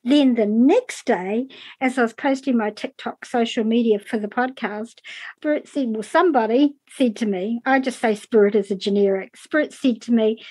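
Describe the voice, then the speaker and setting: Chatty podcast hostess, a bit high. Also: female voice, normal speed, breathy edge, low-quality recording. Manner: chatty, anecdotal, warm with affirmations. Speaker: podcast host. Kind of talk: podcast interview.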